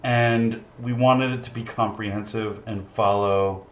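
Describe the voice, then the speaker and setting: A man's voice: on the low side, fairly even intonation, unhurried. Easygoing joking man in a roomy room. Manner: joking, easygoing, laughs often. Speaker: podcast guest. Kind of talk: casual chat. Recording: roomy with faint noise.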